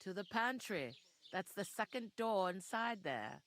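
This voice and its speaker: A woman's voice: medium pitch, very animated, measured pace, a bit bright. Game tavern keeper, woman, Yorkshire accent, blunt and folksy. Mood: matter-of-fact. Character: brusque village tavern woman, practical.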